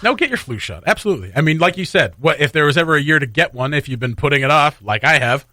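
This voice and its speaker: A man's voice: fairly high pitch, fast, no echo, studio quality. A man hosting a morning radio show, chatting casually and joking with co-hosts. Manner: jokey, laughs often, lively. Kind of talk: casual banter.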